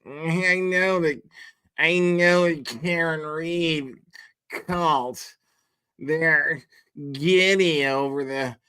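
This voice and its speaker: A man mimicking a halting, flustered woman commentator with a stammering, drawn-out delivery. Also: fairly high pitch, fairly even intonation, sharp tone, clean tone, dry recording, voice pushed up, exaggerated voice. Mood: mocking.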